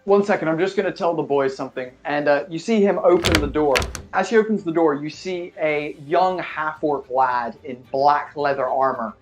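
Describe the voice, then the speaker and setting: A man's voice: on the high side, normal speed, hardly any pauses, highs cut off, music in the background. A man narrating as dungeon master in a casual, profane way with frequent restarts. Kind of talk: narrating a tabletop game.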